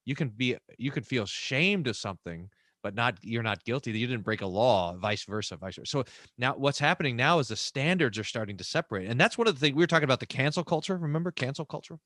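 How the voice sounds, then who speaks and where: A man's voice: mid-range voice, expressive, fast talker, fairly bright tone, dry recording. A man from Texas co-hosting a casual theology chat over a video call, explaining and teasing his partner. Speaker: co-host and pastor.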